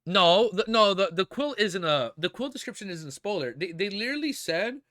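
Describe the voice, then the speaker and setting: A young man streaming, reacting emotionally and excitedly to fan art in casual chat, swearing often and calling viewers dude and bro. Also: high voice, a little fast, no echo, studio quality.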